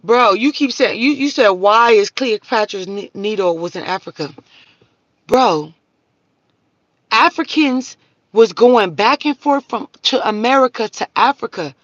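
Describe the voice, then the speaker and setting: A woman's voice: on the high side, lively intonation, unhurried, no echo, lo-fi sound. A woman hosting a livestream, talking bluntly and profanely and answering viewers' comments in a preachy, casual rant. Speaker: livestream host.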